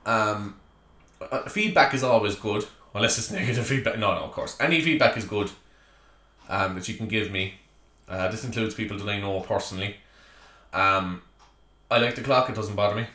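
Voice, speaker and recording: A man's voice: fairly low pitch, normal speed, long pauses, pushed and bright. Rambling Irish man in an echoey room. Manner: rambling, joking asides, chatty. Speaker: podcast host. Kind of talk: solo comedic rant. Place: small room at home, not soundproofed.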